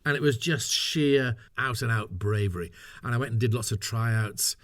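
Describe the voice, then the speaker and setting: A man's voice: medium pitch, normal speed, fairly bright tone, no room sound. A middle-aged man telling stories in a casual interview, chatty and self-mocking, laughing often. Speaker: interview guest, voice actor. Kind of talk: casual anecdotal interview talk.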